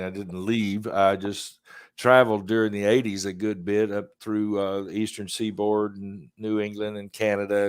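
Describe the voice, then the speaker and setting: A man's voice: fairly low pitch, clean tone, no echo, clean studio sound. A man in his fifties with a Southern US accent, hosting a podcast in a rambling, laid-back way and chuckling often. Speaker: podcast host. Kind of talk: casual chat.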